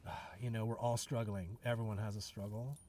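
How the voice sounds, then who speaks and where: A man's voice: on the low side, flat delivery, brisk, dark tone. A man hosting a podcast, talking in a reflective, earnest way with many restarts. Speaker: podcast host. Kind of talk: casual conversation. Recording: distant mic with faint noise.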